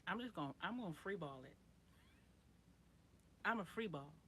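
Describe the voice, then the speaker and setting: A woman with a fairly low voice talks loosely to her livestream viewers, rambling and slangy. She drifts between topics and calls out to people in the chat. A faint hum of noise sits behind her. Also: lively intonation, normal speed, a bit bright. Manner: rambling, chatty, greets viewers by name, slangy. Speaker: livestream host.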